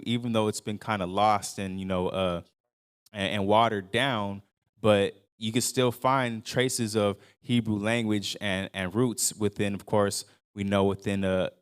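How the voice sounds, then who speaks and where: A man's voice: fairly low pitch, clear, resonant tone. A man teaching a Bible lesson to his congregation in a loose, conversational way, with lots of fillers and restarts, raising his voice to act out the people he quotes. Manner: acts out quoted speakers in a raised voice. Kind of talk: casual Bible study teaching.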